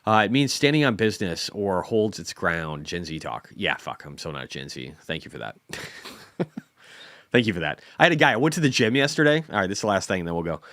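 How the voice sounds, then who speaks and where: A man's voice: deep voice, very animated, a little fast, fairly bright tone, no room sound, clean studio sound. A man in his forties hosting a casual stock market livestream, rambling and self-deprecating, often repeating words. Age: 40s.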